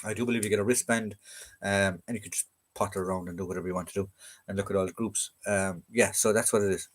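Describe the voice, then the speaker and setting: A man's voice: low voice, steady tone, fast. A man with an Irish accent hosting a casual live-stream chat, rambling and easygoing with plenty of fillers and restarts. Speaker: livestream host.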